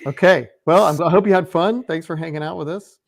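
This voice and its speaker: A man hosting a casual book club podcast chat, playful and rambling, often trailing off quietly. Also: fairly high pitch, fairly quick, gravelly. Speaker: podcast host.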